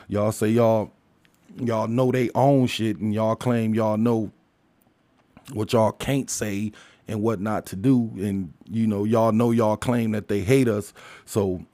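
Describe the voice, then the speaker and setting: A man's voice: fairly low pitch, darkish tone, no echo. Blunt, swearing man ranting, dry sound. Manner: blunt and emphatic, heavy swearing; rhetorical questions to listeners. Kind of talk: casual profane rant.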